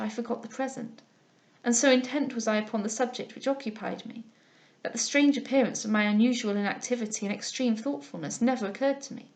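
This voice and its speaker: A woman narrating a classic novel in a measured, even storytelling manner. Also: on the high side. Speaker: audiobook reader.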